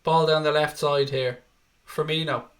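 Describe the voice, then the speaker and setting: A man's voice: on the high side, steady tone, unhurried, a bit bright. A man from Dublin with an Irish accent, hosting a live football watchalong, chatting casually, swearing freely and reading viewer comments aloud between bits of match commentary. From Ireland. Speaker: livestream host.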